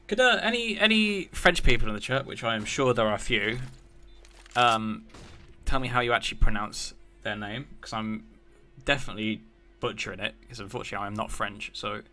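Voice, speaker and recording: Casting an esports game solo, a thirty-something man from the UK gives play-by-play and talks chattily to his stream's chat in the gaps. His voice is on the low side, fairly quick, and pushed and bright.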